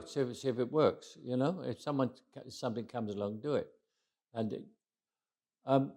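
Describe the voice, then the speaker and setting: A man's voice: mid-range voice, darkish tone. An older man with an English accent, telling anecdotes in an interview with dry humor and frequent restarts. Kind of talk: reflective interview talk.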